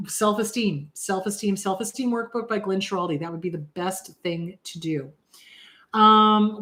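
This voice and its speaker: A woman therapist hosting a casual advice show, answering viewer questions in a chatty, direct way and repeating words for emphasis. Her voice sounds a little worn out. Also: medium pitch. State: slightly worn-out voice. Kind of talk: casual live advice talk.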